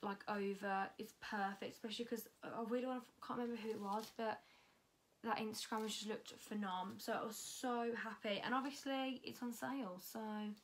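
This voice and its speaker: A young woman talks through a haul at a middle pitch, loose and unfiltered, with the odd swear word. She records indoors, and a faint noise sits underneath her voice. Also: fairly even intonation, moderate pace. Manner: chatty and unfiltered, swears freely. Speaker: fashion vlogger. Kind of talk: casual haul chat.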